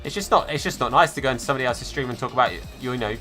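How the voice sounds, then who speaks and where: Bright-voiced streamer chatting with viewers. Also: male voice, medium pitch, very fast, faint music behind. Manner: chatty, reads and answers chat by name, calls viewers mate and fella. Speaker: live streamer. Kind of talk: casual live-stream chat.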